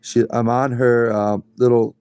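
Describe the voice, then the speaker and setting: A man's voice: mid-range voice, little pitch movement, measured pace, a little mellow, smooth. A man hosting a casual livestream from home on his phone, rambling to his pet rabbits and answering the chat. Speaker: livestream host.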